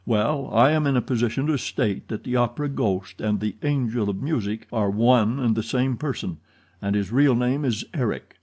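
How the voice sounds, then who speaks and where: A man's voice: mid-range voice, moderate pace, a little mellow, lo-fi sound, close to an everyday voice. A man voicing an earnest, trembling young viscount in an audiobook, speaking insistently. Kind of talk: audiobook character reading.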